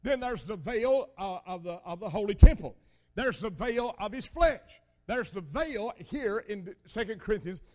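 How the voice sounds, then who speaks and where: An older man preaching a sermon, telling folksy stories with loud emphatic bursts. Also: high voice, lively intonation, unhurried.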